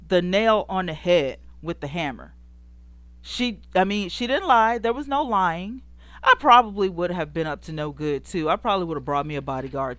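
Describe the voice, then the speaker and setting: A sassy woman hosting a gossip commentary show, chatting with her live viewers. Her voice sits a little low for a woman and sounds close and dry. She talks in an animated, scolding way and laughs often. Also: no echo. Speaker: show host. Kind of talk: casual celebrity gossip commentary, greeting live chat viewers.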